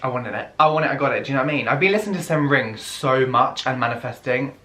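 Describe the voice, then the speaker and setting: A young man chatting through a casual unboxing vlog, excitable, gasping and often dropping to a whisper. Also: mid-range voice, quick pace. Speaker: vlogger.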